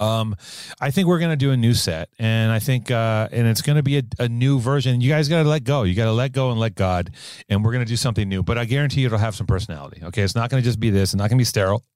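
A man's voice: mid-range voice, rapid-fire, clear, resonant tone, no room sound, clean studio sound. A man co-hosting a podcast in casual, rambling, profane banter. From California. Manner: rambling, profane, animated riffing. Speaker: podcast co-host.

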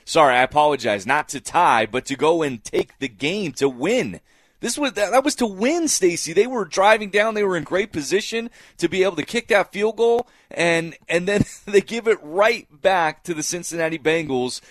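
This male sports talk co-host has a high-pitched voice with lively intonation and a moderate pace. The studio-quality recording is dry, and he makes his case with emphatic repetition of phrases.

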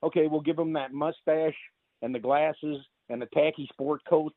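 A man's voice: on the high side, steady tone, moderate pace, no room sound. A male voice actor chatting as an interview guest, rambling with lots of fillers and restarts. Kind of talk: casual interview chat. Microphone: phone. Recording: tinny phone line.

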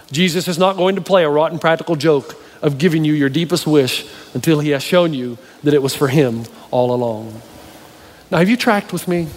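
A man's voice: a little high, a little hiss or hum. A male pastor preaching a sermon to a live audience, telling stories and speaking to the crowd directly. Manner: storytelling preacher, animated, addresses the audience directly. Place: church hall with a live audience. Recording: reverberant hall, faint ambience.

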